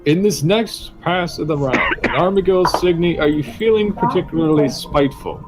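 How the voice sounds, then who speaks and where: A man running a tabletop game as game master, explaining rules and narrating in a measured way. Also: a little high, over loud music, poor audio.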